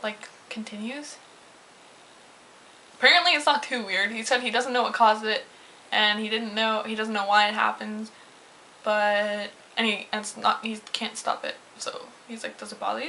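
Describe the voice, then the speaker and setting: A young woman vlogger telling a story from her day in a chatty, animated way, acting out what people said. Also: fairly high pitch, gravelly, a little hiss or hum, low-quality recording. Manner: chatty, animated retelling with swearing and quoted voices. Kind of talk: casual storytelling vlog.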